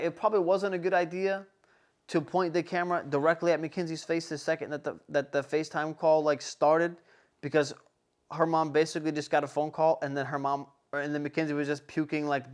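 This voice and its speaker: A young man hosting a casual podcast, telling a story in an animated, rambling way full of swearing and fillers. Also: fairly high pitch. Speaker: podcast host.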